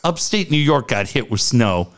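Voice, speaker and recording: A man's voice: medium pitch, sing-song, normal speed. A middle-aged man co-hosting a casual talk show, telling stories with swearing and laughing at himself. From Southern California. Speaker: podcast co-host. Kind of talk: casual chat.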